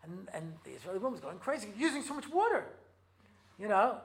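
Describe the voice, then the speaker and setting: A man's voice: high voice, sing-song, fast. An American man lectures an audience as a rabbi and spins funny stories from his own life. He talks in a loose, chatty way, full of asides and small fillers, and drops into Hebrew phrases when he acts out a scene. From United States. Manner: chatty storytelling, many asides and fillers, jokes, switches into Hebrew. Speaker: rabbi giving a talk. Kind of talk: humorous lecture with acted-out anecdotes. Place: talk given to an audience.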